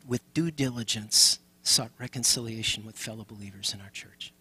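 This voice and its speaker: A man's voice: on the low side, moderate pace, bright, forceful tone, breathy edge. A man serving as pastor and leading a communion service, speaking earnestly and calling on the congregation directly.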